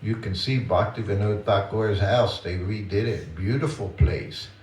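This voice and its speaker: An older man giving a temple talk, reminiscing in a gentle, chuckling storytelling way. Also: on the low side, moderate pace, far from the mic. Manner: gentle, chuckling anecdotal delivery. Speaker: guest speaker at a temple. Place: temple hall. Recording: roomy temple hall with faint ambience.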